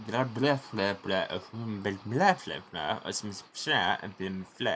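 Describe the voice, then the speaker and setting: A man streaming a game and commenting with wry, sarcastic asides. His voice is bright and his pitch swings in a lively way. A faint hiss runs underneath. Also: a little slow, hardly any pauses. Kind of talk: let's-play commentary.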